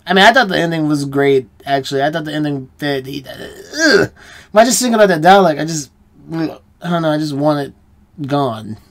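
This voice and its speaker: An American man with a fairly high voice talks through a TV episode on his reaction channel. He muses aloud, rambles and keeps questioning his own views in casual solo chat. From United States. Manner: musing, rambling, self-questioning.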